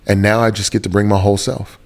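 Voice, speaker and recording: An earnest man with a lowish voice tells a personal story as an interview guest. He searches for words and circles back to repeat phrases for emphasis. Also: level tone, fast talker, vocal fry. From Houston, Texas.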